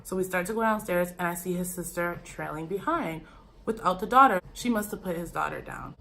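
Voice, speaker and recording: A young woman tells a wild personal story to her viewers in a chatty, animated way. Her voice sits a little low for a woman. She keeps turning to her audience as "you guys". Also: fairly quick, vocal fry. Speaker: YouTuber. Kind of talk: storytime vlog.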